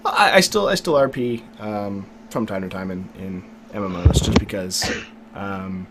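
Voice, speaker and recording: A man's voice: lowish voice, measured pace, heavy background noise. A young man co-hosting a podcast, chatting in an easygoing, self-mocking way and swearing casually. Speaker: podcast co-host. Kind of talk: casual chat.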